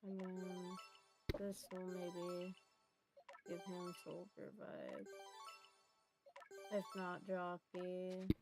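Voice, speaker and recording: Woman gamer, low-pitched, slow and gravelly, mutters and swears, with music behind her. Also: animated. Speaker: co-player on stream. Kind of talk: casual gaming chat.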